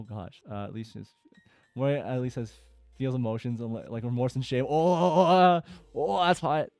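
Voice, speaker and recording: Smooth-voiced man reading posts casually. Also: lowish voice, darkish tone, dry recording. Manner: chatty, with frequent fillers and laughter. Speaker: YouTuber reading forum threads aloud.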